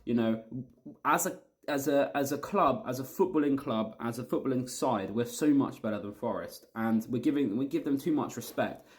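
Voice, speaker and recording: A man's voice: medium pitch, normal speed. Heated man ranting about a match. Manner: heated, repetitive, blunt with swearing. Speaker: football fan vlogger.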